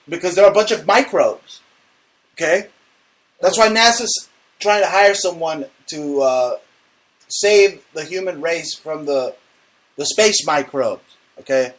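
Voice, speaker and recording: A man hosting a comedy talk show, ranting loudly and indignantly with stammered restarts. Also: fairly high pitch, slow, long pauses, low-quality recording. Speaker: host.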